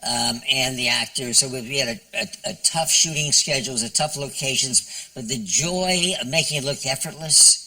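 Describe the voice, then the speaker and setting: An older man, a guest on a television chat show, telling a story in a halting way with many restarts. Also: fairly high pitch, animated, gravelly, sharp tone, recorded from a distance, low-quality recording. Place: television studio with audience.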